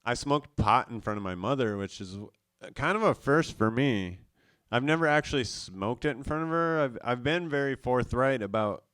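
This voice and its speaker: Young man from South Dakota, live host, smooth and dry, casual self-mocking rambler. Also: medium pitch, fairly bright tone, dry recording. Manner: loose, profane, self-mocking.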